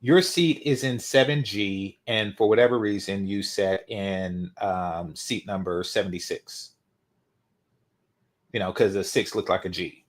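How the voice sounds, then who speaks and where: A man's voice: lowish voice, a little slow. A man reacting to a video, mocking and emphatic, repeating his points for effect. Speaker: reaction commentator.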